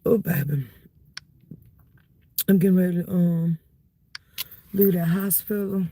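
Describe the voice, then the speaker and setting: A woman's voice: lowish voice, slow pace, noisy background. A woman hosting a livestream, chatting casually and laughing as she gossips, tired and cold. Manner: animated, laughing gossip with frequent "baby" and "y'all". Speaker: livestream host.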